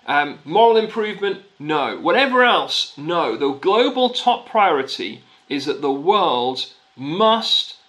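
A man's voice: sits high, bright, forceful tone, rough recording. A man preaching a sermon in a conversational, emphatic way, repeating key phrases and often restarting sentences. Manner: conversational with frequent restarts and fillers.

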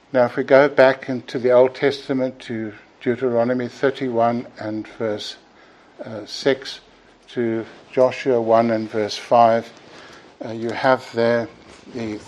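A man's voice: medium pitch, a little hiss or hum, low-quality recording. A man preaching a sermon in a church, earnest and emphatic, sometimes repeating words as he builds a point.

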